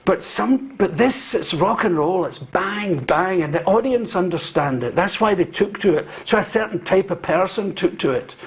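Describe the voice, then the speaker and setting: A man's voice: sits high, lively intonation, moderate pace, few pauses. A man with a Scottish accent, an actor chatting easily and reflectively in an interview. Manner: easygoing, reflective storyteller. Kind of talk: casual interview chat.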